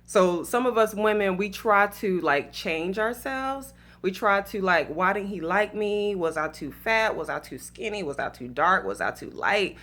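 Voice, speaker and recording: A woman's voice: medium pitch, animated, measured pace, few pauses, fairly bright tone. A woman from Atlanta with a Southern accent, telling a personal story and giving relationship advice in a chatty, casual way full of fillers and faith-based asides. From Atlanta, Georgia, USA. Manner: chatty, lots of fillers, laughs at her own story, preachy asides.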